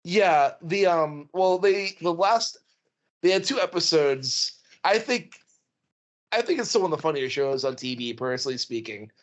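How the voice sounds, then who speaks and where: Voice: medium pitch, animated, normal speed. A podcast co-host chatting casually, laid-back and rambling, laughing often. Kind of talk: casual chat.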